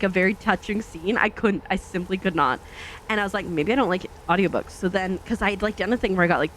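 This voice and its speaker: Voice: mid-range voice, fairly bright tone, a little hiss or hum. A gaming channel host chatting casually while driving in a truck game, rambling with many fillers and self-corrections and acting out past thoughts in quoted asides.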